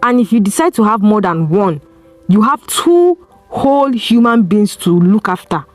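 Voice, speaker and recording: A woman's voice: mid-range voice, animated, normal speed, dry recording, faint music behind. A woman with a Nigerian accent hosting an advice podcast, speaking earnestly and piling up rhetorical questions. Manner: earnest, preachy, asks strings of rhetorical questions. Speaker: podcast host. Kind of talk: solo advice talk.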